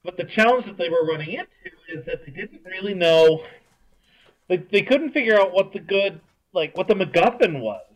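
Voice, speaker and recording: A man's voice: sits high, animated, moderate pace, muffled recording. A man co-hosting a podcast, chatting casually and explaining things at an easy pace. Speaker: podcast co-host. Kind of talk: casual chat.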